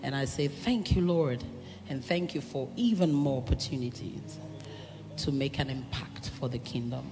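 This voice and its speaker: A woman's voice: a bass voice, normal speed. A woman giving a heartfelt, testifying acceptance speech as a music minister. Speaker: music minister receiving an award. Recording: echoey hall with music behind.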